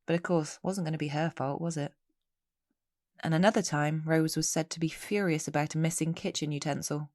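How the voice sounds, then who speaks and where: A woman's voice: low voice, fairly even intonation, fairly quick, darkish tone, no room sound, studio quality. A woman hosting a solo true-crime podcast, telling the story with chatty, wry asides. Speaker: podcast host.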